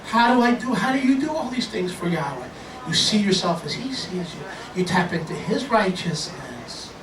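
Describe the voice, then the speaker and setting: High-voiced preacher in an echoey hall. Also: male voice, moderate pace, a crowd in the background. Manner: animated preaching with jokes and acted-out voices. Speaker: pastor. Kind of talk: sermon. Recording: echoey room, distant from the mic, faint ambience.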